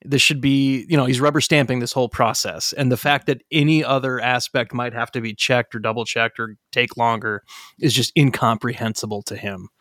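A man's voice: mid-range voice, fairly even intonation, a little fast, a bit bright, dry recording, studio quality. A man co-hosting a podcast who talks animatedly about a film in casual chat and laughs at his own jokes. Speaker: podcast co-host.

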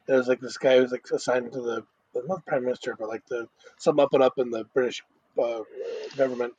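رجل يتحدث في دردشة عفوية بأسلوب متشعب ومتقطع، يعيد بدايات جمله، بصوت أجش في تسجيل جاف ومكتوم. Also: male voice, medium pitch, fairly even intonation, a little mellow, slightly rough, dull audio. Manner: rambling, halting restarts. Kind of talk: casual chat.

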